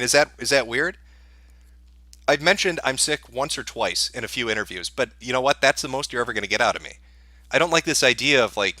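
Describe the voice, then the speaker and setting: A man's voice: mid-range voice, sharp tone, no echo, clean studio sound. A man answering viewer questions on a livestream in a sarcastic, profane, dismissive rant.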